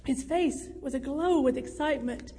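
A woman narrating a story in a measured, expressive reading. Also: sits high. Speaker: audiobook narrator. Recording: reverberant room.

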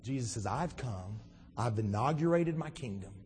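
A man preaching a sermon as pastor, animated and acting out Bible scenes in shifting voices. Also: mid-range voice, normal speed, a little hiss or hum. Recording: long church reverb.

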